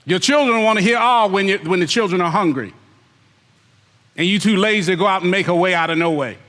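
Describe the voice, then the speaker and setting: High, bright-voiced man preaching a sermon. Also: quick pace, big-room sound. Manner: emphatic, repetitive, rhetorical questions to the congregation; mimics lazy excuses in put-on voices. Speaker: elder preaching.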